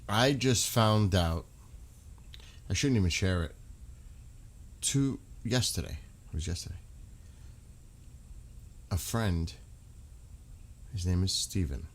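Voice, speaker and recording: A middle-aged man streaming live, talking in a halting, emotional way with many restarts. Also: sits low, lively intonation. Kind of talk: casual live-stream talk.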